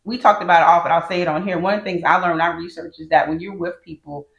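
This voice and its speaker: A woman's voice: on the low side, steady tone, fast talker, vocal fry, fairly bright tone, echoey room, muffled recording. A woman co-hosting a casual podcast, telling stories and acting out quotes. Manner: chatty storyteller, acts out quotes. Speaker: podcast co-host.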